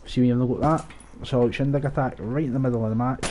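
A man's voice: mid-range voice, fast, noisy background. Guy swearing his way through a shooter match, rambly, gunfire faint in the back. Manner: profane, rambling, excitable outbursts. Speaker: gaming channel host. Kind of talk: live gameplay commentary.

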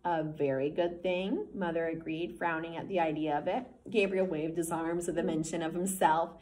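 A woman's voice: deep voice, fairly even intonation, normal speed, darkish tone. A woman teacher reading a novel aloud to her class, voicing the dialogue and stopping to check that students understand.

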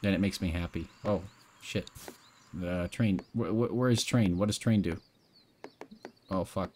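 A man's voice: low voice, moderate pace, a little mellow, a little hiss or hum. A young man chatting offhand with his viewers while playing a game, drifting from one tangent to the next. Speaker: streamer. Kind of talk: casual live-stream chat while playing a game.

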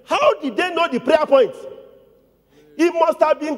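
High-voiced male pastor preaching in a reverberant church. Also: a little slow. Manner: call-and-response preaching, repetitive, rising to shouts. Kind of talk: sermon. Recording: long church hall reverb.

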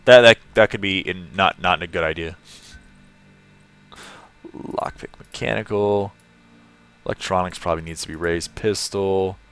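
A man's voice: low-pitched, measured pace, pauses often, a bit bright, clear, resonant tone. A man from California live-streaming a game, chatting casually, laughing often and greeting viewers in the chat.

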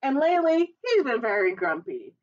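A woman voicing a shrill, scolding giant woman in a storybook, speaking loud and high. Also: sing-song, normal speed, dull audio.

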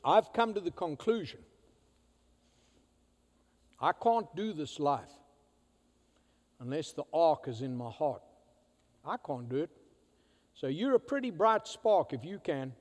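High, lively-voiced preacher in a reverberant church. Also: male voice, slow, long pauses. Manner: emphatic, swinging from loud declarations to hushed asides. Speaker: pastor. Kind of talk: sermon. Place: church sanctuary.

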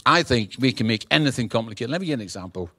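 A middle-aged Scottish man with a mid-range voice talks at a racing pace, recorded at studio quality with no echo. As a guest preacher, he delivers a humorous, animated storytelling sermon, acting out the dialogue.

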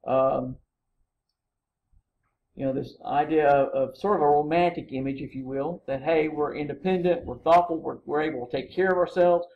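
Guy teaching a college humanities class, kinda high voice, chatty storytelling, keeps saying right?, slightly muffled recording. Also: darkish tone. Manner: chatty storytelling, acting out quotes, frequent "right?". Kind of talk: classroom lecture.

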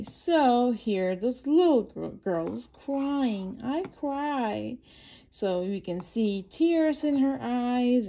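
A woman's voice: a little high, dark tone. A woman hosting her channel, reading a children's picture book aloud and patiently explaining each page in simple words.

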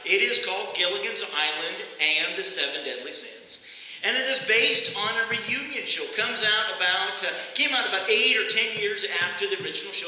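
A man's voice: high voice, pushed and bright. A man preaching a sermon, telling stories and jokes with frequent restarts. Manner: storytelling with joke voices and frequent restarts. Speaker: pastor. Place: church sanctuary. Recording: echoey church hall with long reverb.

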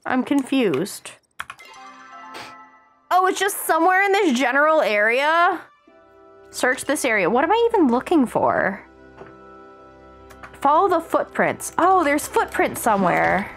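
An American woman streaming a game, chatting excitedly with her viewers as she plays. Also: high voice, unhurried, pauses often, soft background music. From United States. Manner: chatty, excitable, talks to chat while playing. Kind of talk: casual live-stream chat while gaming.

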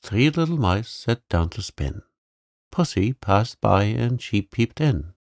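A man reading a bedtime sleep story in a calm, soothing, gravelly voice. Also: lowish voice, takes it slowly, no echo, studio quality. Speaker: narrator.

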